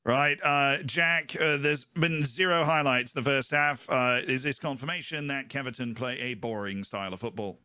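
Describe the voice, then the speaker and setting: A man's voice: mid-range voice, moderate pace, hardly any pauses, pushed and bright, clean tone, dry recording. A man giving playful, mock-formal football commentary on a game over a voice call. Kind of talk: playful sports-style commentary.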